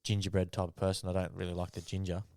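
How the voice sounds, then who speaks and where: A man's voice: low-pitched, monotone, fast, warm tone, no echo. A man with an Australian accent, co-hosting a podcast and telling a story in a laid-back way, swearing freely. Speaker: podcast co-host. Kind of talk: casual storytelling chat.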